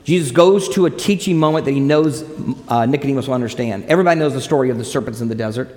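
A man preaching a sermon, telling a scripture story with lively asides and quoted lines. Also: medium pitch, rapid-fire. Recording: long hall reverb.

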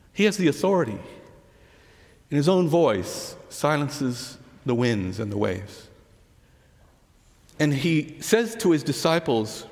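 A man preaching a sermon, telling the story earnestly and dropping to soft, hushed words on key lines. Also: mid-range voice, creaky. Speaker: pastor. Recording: long hall reverb.

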